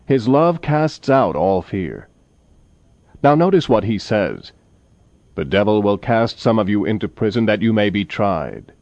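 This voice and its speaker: A man preaching in a measured, solemn way, his low voice rising and falling with wide, lively pitch. The recording is dull and lo-fi. It sounds dry, with no room echo. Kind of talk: sermon.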